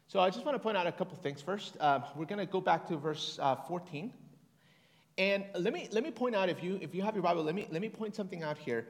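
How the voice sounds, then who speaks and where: A fairly high-voiced man preaches a sermon in an easygoing, conversational way, with fillers and restarts along the way. When he reads scripture, he slows to a deliberate pace. His voice rings out with a long reverb tail, as if it fills a large hall. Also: expressive. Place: church hall.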